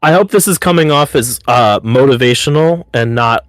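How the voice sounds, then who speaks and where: A man's voice: medium pitch, normal speed, no echo. A man co-hosting a podcast in a casual chat, talking in loose rambling runs full of 'like'. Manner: rambling, upbeat, heavy use of 'like'. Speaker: podcast co-host.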